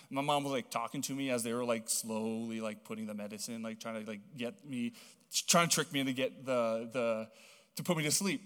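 A young man from Hawaii preaching a sermon, telling stories in a chatty, animated way full of casual fillers. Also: medium pitch, fast talker. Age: young adult. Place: church auditorium. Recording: long reverb of a large hall.

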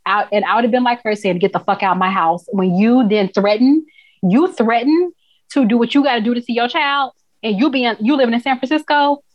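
A woman hosting a casual TV recap, animated and emphatic and quick to laugh. Her voice comes through a slightly dull, dry recording with no room sound. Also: fairly high pitch, no room sound. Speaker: podcast co-host.

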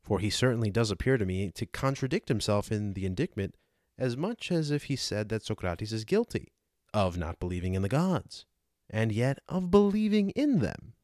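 A man's voice: on the low side, big pitch swings, normal speed, darkish tone, no echo, studio quality. A man reading the part of an aged male philosopher, cross-examining with rhetorical questions, for a dramatized audiobook. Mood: indignant.

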